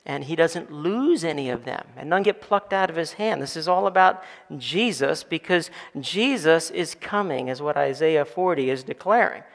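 A pastor's sermon builds to emphatic call-and-response with the congregation in a church sanctuary, where the hall's reverb rings long. His gravelly, fairly bright voice sits a little high, with lively intonation, a moderate pace and few pauses.

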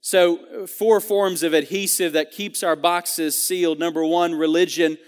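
A man's voice: a little high, fairly even intonation, a little slow, smooth, big-room sound. A man giving a sermon in a church, talking earnestly and conversationally with frequent restarts and fillers. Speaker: preacher. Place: church sanctuary.

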